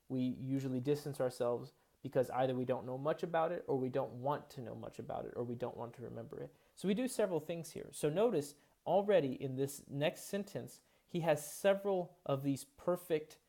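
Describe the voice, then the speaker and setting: A man's voice: mid-range voice, dark tone. A man giving a recorded college English lecture, explaining patiently and thinking aloud with frequent fillers and restarts.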